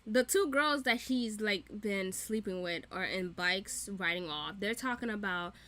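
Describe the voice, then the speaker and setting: A woman vlogger recapping a TV episode in a casual, profane, animated way, often breaking into laughter. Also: mid-range voice, measured pace. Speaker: reaction vlogger. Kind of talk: casual show recap and reaction.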